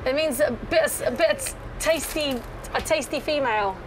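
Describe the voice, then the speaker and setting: A woman's voice: sits high, normal speed, background noise. An English woman who runs a shop, chatting cheekily and teasing her interviewer. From England. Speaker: shop owner. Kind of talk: casual interview.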